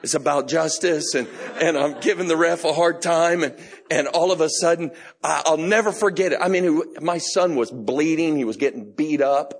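A middle-aged man pastor preaching a sermon, telling a personal story with laughs and bursts of shouting. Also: a little high, normal speed, husky. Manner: animated storytelling, laughing, shouting in retold moments.

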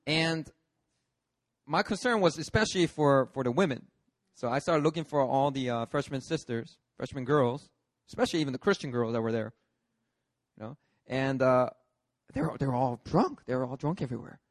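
A man, a pastor, preaching a sermon through a lively personal story, acting out the scenes. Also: medium pitch, normal speed, no room sound. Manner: lively, acts out scenes with shifting voices.

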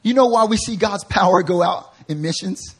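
A man preaches a sermon in a slightly high, husky voice. He drifts between low, joking asides and quoted voices he plays for laughs, then climbs to loud, fervent shouting. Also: moderate pace. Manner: acts out quoted voices with humor. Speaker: pastor.

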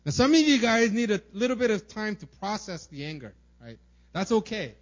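This pastor's sermon is casual and chatty, peppered with "right?" and little muttered impressions of everyday remarks. He talks briskly in a high, sing-song voice, and the recording sounds muffled.

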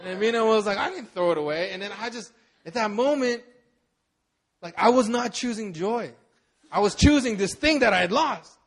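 A man's voice: high-pitched, moderate pace, pauses often. A young man preaching a sermon, telling a personal story with many fillers and repeated words. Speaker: pastor.

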